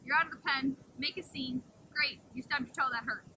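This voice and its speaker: A woman who looks after wolves talks eagerly to the camera outdoors next to their pens, giving a casual explanation. Her brisk, bright voice is forceful, and she switches to a high sing-song when addressing the wolves. The low-quality recording carries a slight hiss or hum.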